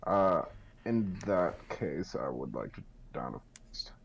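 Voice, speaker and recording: Low-voiced guy playing a tabletop game on voice chat, hesitant, lots of uhs, faint hiss behind. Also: big pitch swings, slow pace, vocal fry, muffled recording. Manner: hesitant, with frequent fillers. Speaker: player.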